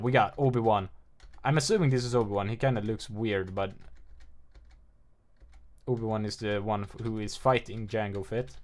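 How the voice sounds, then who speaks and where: A man giving loose, offhand commentary on a game trailer, rambling with lots of filler words and self-mocking asides. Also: mid-range voice. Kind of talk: casual video commentary.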